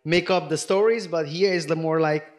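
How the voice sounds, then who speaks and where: A man hosting a casual bilingual livestream chat, pausing to search for words, with many fillers. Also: a little high, steady tone, crowd noise. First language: German. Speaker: livestream host.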